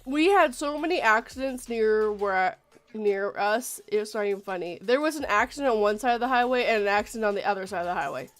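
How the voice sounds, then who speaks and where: A woman's voice: mid-range voice, animated, a little fast. Chatty woman host with a cold. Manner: chatty, laughs easily. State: has a cold and a cough. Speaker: stream host. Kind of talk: casual chat on a livestream.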